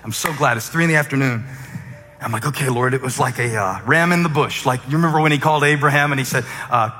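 A man preaching a sermon as a humorous, conversational story, with fillers and quick asides. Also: medium pitch, pushed and bright. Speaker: pastor. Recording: echoey hall with faint music.

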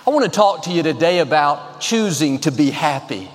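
A man's voice: a little high, animated, normal speed, hardly any pauses, big-room sound, a little hiss or hum. A man preaching a sermon as pastor, upbeat and emphatic, telling a joke to the congregation.

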